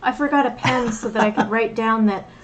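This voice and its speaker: A high-voiced woman chatting on a livestream, quick to giggle and blunt with her reactions. Faint noise sits behind her voice. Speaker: livestream co-host. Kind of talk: casual chat.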